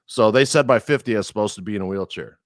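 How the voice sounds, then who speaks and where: आदमी अपनी कहानी गालियों के साथ जोश से सुनाता हुआ. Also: male voice, on the low side, fast talker, no echo, studio quality. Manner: profane, animated, acts out quoted people. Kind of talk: casual storytelling.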